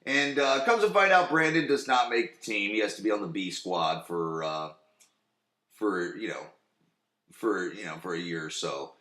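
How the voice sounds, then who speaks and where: Male podcast host, lowish voice, casual rambling recap, lots of ums and restarts. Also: lively intonation, normal speed, pushed and bright. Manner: rambling, loose, with many fillers and restarts.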